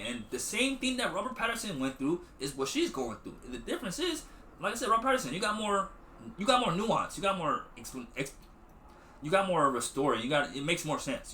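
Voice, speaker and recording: A man's voice: high voice, bright, forceful tone, echoey room. A man hosting a podcast, recapping a movie in loose slangy chat full of swearing and acted-out quotes. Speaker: podcast host.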